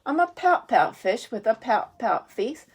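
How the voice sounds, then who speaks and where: A woman reading aloud as a gloomy male fish who pouts, in a slow, mopey sing-song. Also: on the high side, big pitch swings, slight background noise.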